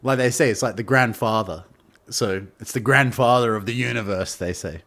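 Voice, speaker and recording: A man's voice: mid-range voice, moderate pace, fairly bright tone. A man telling a long, rambling story as a podcast guest. He laughs often and swears freely in heavy slang. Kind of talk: casual storytelling.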